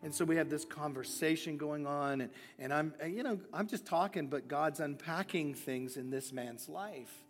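A man's voice: fairly high pitch, normal speed, hardly any pauses. A man preaching at a church service, telling stories from his own ministry in an earnest manner and often restarting sentences. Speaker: guest preacher. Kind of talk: sermon with personal storytelling. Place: large church hall. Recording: long church-hall reverb, faint music.

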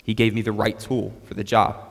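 A man's voice: on the low side, little pitch movement, brisk. Man preaching a story in a reverberant hall. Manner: storytelling, repeats words when restarting. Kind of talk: sermon with personal story.

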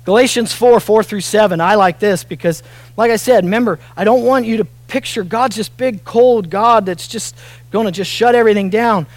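High-voiced earnest man preaching. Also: normal speed, no echo. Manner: earnest, swings from soft and near tears to loud emphatic peaks. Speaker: pastor. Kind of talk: sermon. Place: church auditorium.

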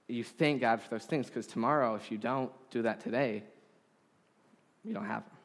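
A man preaching a sermon to a congregation, earnest and deliberate, with emphatic pauses. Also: mid-range voice, fairly even intonation. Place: congregation hall. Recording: long hall reverb.

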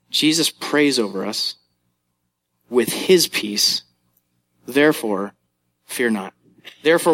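A man's voice: on the high side, fairly bright tone. A pastor in his thirties preaching a sermon, conversational and telling family stories.

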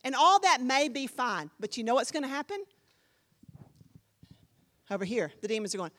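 A woman pastor preaching a sermon with animated storytelling, acting out the voices of the people she quotes. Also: high voice, normal speed, pauses often, in a large hall.

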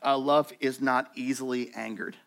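A man preaching a sermon to his church in a conversational, animated way, acting out quoted voices. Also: mid-range voice, normal speed, gravelly. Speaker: pastor.

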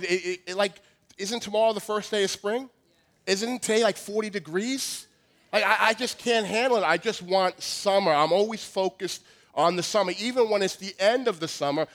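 A man's voice: sits high, a bit bright. A nasal man in his forties with a Long Island accent, preaching a joking, self-deprecating sermon with lots of restarts. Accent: Long Island New York. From Long Island, New York. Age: 40s. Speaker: pastor.

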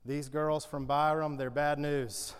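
A man's voice: on the high side, level tone, a little slow, smooth, in a large hall, natural voice. A man in a sermon, voicing a meddling mother who insists on her son's marriage plans. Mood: disapproving. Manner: disapproving, insistent. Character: meddling protective mother, matriarch.

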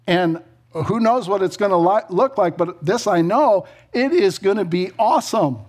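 A middle-aged male pastor with a rather high voice preaches a sermon. He talks in a chatty storytelling way, breaks into laughs, and throws in quick asides before reading scripture. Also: expressive, darkish tone, husky.

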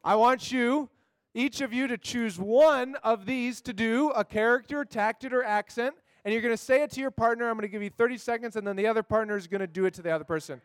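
A man's voice: very high voice, fairly quick, no echo, clean studio sound. A man leading a group memory activity, upbeat and coaxing, checking in with the group often. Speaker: youth class leader.

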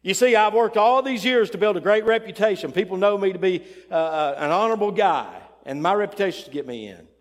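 A man's voice: fairly high pitch, sing-song, fast, hardly any pauses. A pastor playing a proud man who boasts of his good reputation. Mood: boastful. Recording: long church reverb.

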